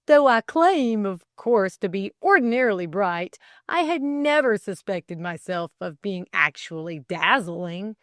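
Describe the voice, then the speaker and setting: A woman's voice: medium pitch, sing-song, a little slow, hardly any pauses, fairly bright tone, dry recording, studio quality. A woman voicing a fussy, earnest young male lay reader who talks in a flustered, insistent way.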